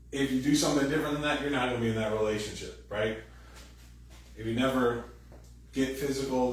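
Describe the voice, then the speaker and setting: A male pastor delivering a casual, animated sermon, jumping into loud acted-out voices. He sounds far from the mic in a hugely reverberant church hall. A faint hum of noise sits under him. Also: mid-range voice. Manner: animated, acts out quoted voices loudly. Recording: very echoey room, distant mic, faint noise.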